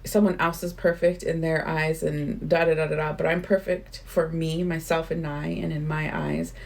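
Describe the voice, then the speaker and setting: A woman's voice: deep voice, level tone, moderate pace, gravelly. A woman hosting her own channel, reading a spiritual book aloud and breaking off for earnest, informal, chatty commentary.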